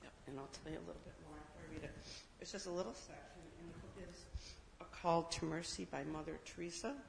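A woman's voice: low voice, fairly even intonation, fast talker, vocal fry. A woman from the congregation sharing a testimony, hesitant with many fillers and tearful. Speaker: congregation member. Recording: roomy hall with long reverb, faint noise.

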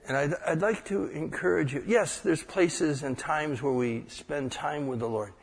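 A man's voice: a little high, measured pace, vocal fry, husky. A man preaching an informal sermon as pastor, folksy and joking, acting out short prayers. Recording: echoey hall with long reverb.

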